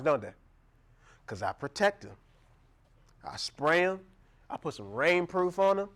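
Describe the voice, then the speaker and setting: Young pastor preaching, kinda high voice, laughs a lot, acts out the voices. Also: male voice, fairly bright tone. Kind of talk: sermon.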